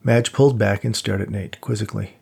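Gravelly low-voiced man reading a novel. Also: steady tone, brisk, darkish tone. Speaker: audiobook narrator. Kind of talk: scripted narration.

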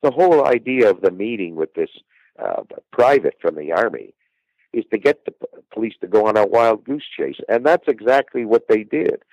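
A man with a very low voice tells an old crime story as a podcast guest. He rambles, repeats himself and restarts sentences with plenty of fillers. The recording is dry and close. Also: very animated, moderate pace, darkish tone, no echo, lo-fi sound. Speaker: guest true-crime researcher.

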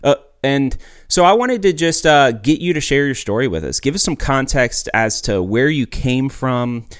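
A man hosting a podcast, talking in an energetic, emphatic, chatty way. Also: mid-range voice, moderate pace, no room sound, studio quality. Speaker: podcast host. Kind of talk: casual podcast chat.

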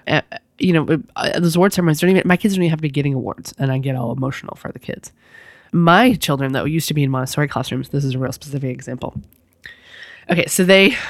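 Woman host, 30s, casual chatty monologue, laughs a lot, dry close sound. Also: dry recording. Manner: animated, laughing, swoops into high squeals. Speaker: podcast host.

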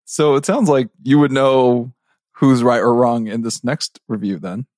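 A man's voice: mid-range voice, unhurried, a little mellow. A man co-hosting a podcast in casual chat, laid-back and agreeable, with dry asides. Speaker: podcast co-host.

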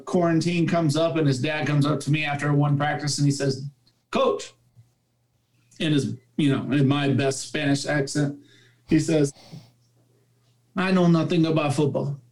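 A man's voice: a little high, darkish tone. A man who coaches youth football, chatting on a podcast panel and telling a story with heartfelt emphasis. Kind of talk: casual roundtable chat.

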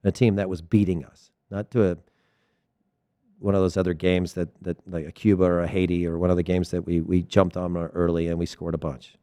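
Low-voiced man in an animated monologue. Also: fairly quick, dry recording, clean studio sound. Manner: animated, repeats words, tells stories. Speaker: soccer commentator. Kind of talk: casual opinion monologue.

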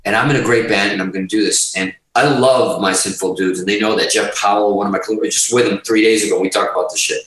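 Animated man, echoey and off-mic. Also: on the low side, fast, hardly any pauses, far from the mic. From Portugal. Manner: animated, profane, acts out quotes. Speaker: guest musician. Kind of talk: casual podcast storytelling.

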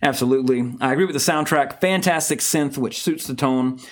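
A man's voice: mid-range voice, fairly quick. A man co-hosting a podcast in casual chat, blunt and profane, rambling as he reads out listener emails. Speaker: podcast co-host.

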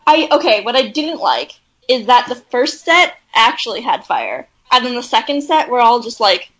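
A woman's voice: on the high side, very animated, moderate pace, a bit bright, low-quality recording. A young woman from Canada, co-hosting a casual chat in a rambling, chatty way and laughing often. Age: young adult.

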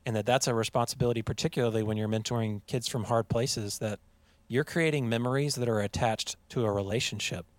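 A man hosting a conversation who reflects aloud on what his guest says, thinking through his words with halting restarts. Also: mid-range voice, fairly even intonation, dry recording. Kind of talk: casual interview chat.

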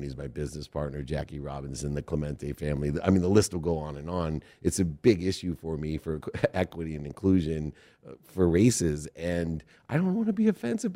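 Very deep-voiced middle-aged man, earnest. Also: dark tone. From Ohio. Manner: rambling, earnest storytelling. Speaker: podcast host. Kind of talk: conversational interview.

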